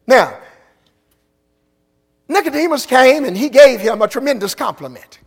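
A man preaching an impassioned sermon in a church, shouting and stretching out his phrases. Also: very high voice, animated, a little slow, vocal fry, pauses often, husky. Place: church sanctuary. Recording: long reverb in a large hall.

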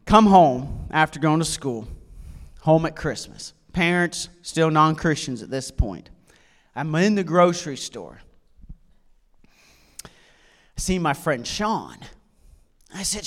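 A man's voice: on the high side, slow, long pauses. A man preaching a sermon, telling jokey stories from his own life and acting out the dialogue. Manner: lively, jokey storyteller who acts out dialogue. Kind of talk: humorous storytelling sermon.

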